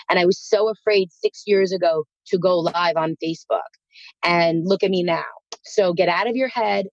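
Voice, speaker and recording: A woman's voice: fairly low pitch, moderate pace, no echo, muffled recording. A woman from Queens with a New York accent, a spiritual guest speaking earnestly and encouragingly on a podcast. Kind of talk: podcast interview.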